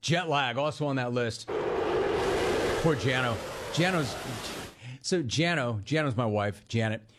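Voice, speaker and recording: A man's voice: mid-range voice, slow, pauses often, heavy background noise. A man hosting a sports talk radio show, delivering an emphatic monologue that repeats lines for effect and talks bluntly to the listener. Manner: addresses listener directly and bluntly.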